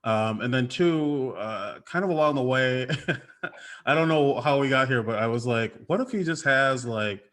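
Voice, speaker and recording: Man, comic writer, eager and rambling, mid pitch, remote call. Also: a little slow, a bit bright. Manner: enthusiastic, rambling with many fillers. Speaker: comic book writer on a panel. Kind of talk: casual panel chat.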